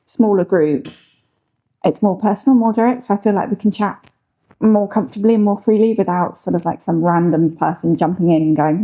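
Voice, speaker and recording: A woman's voice: medium pitch, a little fast, phone-quality sound. A woman, co-host of a home channel, chatting casually with lots of "like" and "sort of". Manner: chatty, filler-heavy, laughing easily. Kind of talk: casual chat.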